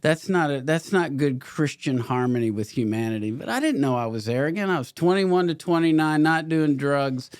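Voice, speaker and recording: A man's voice: on the high side, lively intonation, normal speed, few pauses, clear, resonant tone, dry recording. Middle-aged male actor, podcast guest, blunt and profane, dry close mic. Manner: blunt, swears freely, laughs between stories. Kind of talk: candid storytelling interview.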